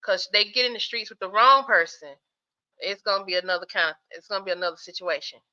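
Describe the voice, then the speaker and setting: Bright-voiced sleepy woman hosting a stream. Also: medium pitch, fast talker, lo-fi sound. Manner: chatty, laughs often, talks straight to viewers. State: sleepy, yawning. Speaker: livestream host. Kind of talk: casual livestream chat reading viewer comments.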